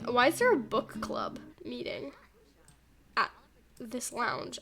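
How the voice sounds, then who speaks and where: A young woman chatting through a life-sim let's play, animated and gushing, full of "like" and "oh my gosh". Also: high-pitched. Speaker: gaming YouTuber. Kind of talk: excited let's play commentary.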